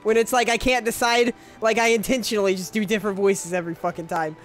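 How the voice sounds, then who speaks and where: A woman's voice: mid-range voice, fairly even intonation, quick pace, faint music behind. A woman streaming a game and bantering with a friend, joking, teasing and swearing freely. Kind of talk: casual gaming stream banter.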